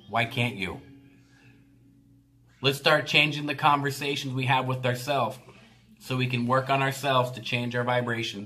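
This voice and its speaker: Earnest motivational man, bright forceful voice. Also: mid-range voice. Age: adult parent of a nine-year-old. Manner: earnest, emphatic, acts out family dialogue. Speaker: motivational speaker. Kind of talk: motivational storytelling.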